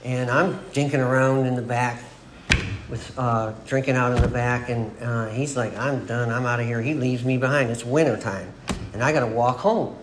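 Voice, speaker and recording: A man's voice: medium pitch, fairly even intonation, normal speed. A man in his forties telling his personal recovery story to a group, rambling and laughing at himself as he acts out what people said. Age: 40s. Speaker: AA meeting speaker. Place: meeting room. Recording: echoey room with background noise.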